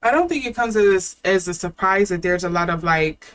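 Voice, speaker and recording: A woman's voice: fairly low pitch, animated, moderate pace. A young adult woman giving a casual tarot reading, thinking aloud with fillers and restarts. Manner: chatty, thinking aloud, with fillers and self-corrections. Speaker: tarot reader.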